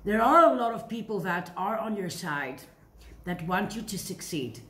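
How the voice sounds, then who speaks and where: A woman's voice: mid-range voice, expressive, normal speed, fairly bright tone. A woman giving a casual tarot reading to camera, playful and chatty, often asking rhetorical questions and answering them herself. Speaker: tarot reader. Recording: echoey room with faint hiss.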